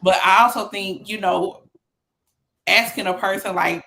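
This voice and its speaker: A woman's voice: mid-range voice, steady tone, a little slow, gravelly, bright, forceful tone. A woman co-hosting a casual podcast, telling stories in a laid-back, colloquial way. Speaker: podcast co-host. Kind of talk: casual chat.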